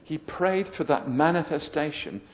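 High-voiced preacher, dull lo-fi sound. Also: male voice, normal speed. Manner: builds from quiet storytelling to loud shouted exhortation. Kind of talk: sermon.

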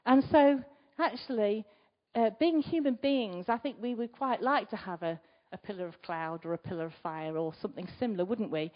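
Lady preaching, chatty, keeps asking the room questions, goes loud then quiet, bit muffled recording. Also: mid-range voice, normal speed, few pauses. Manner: chatty, asks the listeners rhetorical questions; swings between loud emphasis and quiet asides. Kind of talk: conversational sermon. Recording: slightly dull recording.

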